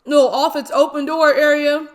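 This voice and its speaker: A woman in her twenties telling a story casually while eating, animated and full of slang and exclamations. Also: high-pitched, normal speed. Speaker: mukbang vlogger.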